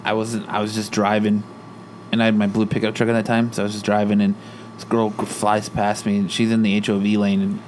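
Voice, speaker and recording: A man's voice: fairly low pitch, brisk, a little hiss or hum. A man in a casual chat, telling road-rage stories and acting out the quotes, with plenty of swearing. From Arizona, USA. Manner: animated storyteller, acts out quotes, swears.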